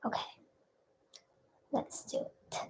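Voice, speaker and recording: A woman's voice: slow pace, a little mellow. A young woman hosting a casual live stream, chatting with viewers in a bubbly, rambling way with giggles.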